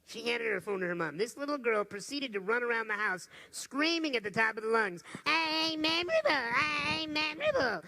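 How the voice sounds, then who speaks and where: A man's voice: sits high, animated, brisk, creaky, hardly any pauses, pushed and bright. A man giving a motivational talk to a live audience, telling stories and putting questions to the crowd. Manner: storytelling, asks the audience questions. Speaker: motivational speaker.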